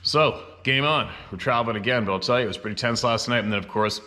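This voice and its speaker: A man's voice: mid-range voice, fast talker, sharp tone. A middle-aged man from Canada hosting a show, talking casually and bluntly, swearing freely and getting fired up as he talks. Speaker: show host. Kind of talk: casual monologue.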